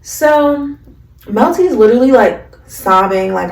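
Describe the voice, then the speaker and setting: A woman's voice: mid-range voice, sing-song, a little slow, gravelly, a little mellow, distant mic. A woman vlogger in a slangy, chatty casual recap of an anime, recorded in an echoey room. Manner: slangy, chatty, lots of fillers.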